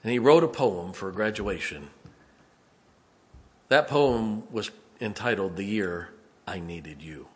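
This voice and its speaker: A man in his fifties, a pastor preaching a sermon, telling a personal story and dropping to a hushed, emotional tone. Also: on the low side, lively intonation, takes it slowly, long pauses.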